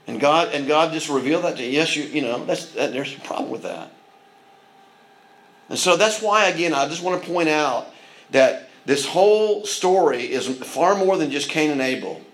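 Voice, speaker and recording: A man with a somewhat high voice preaching a sermon. He speaks earnestly, restarting phrases and adding asides as he goes. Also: lively intonation, moderate pace, fairly bright tone, poor audio. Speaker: pastor.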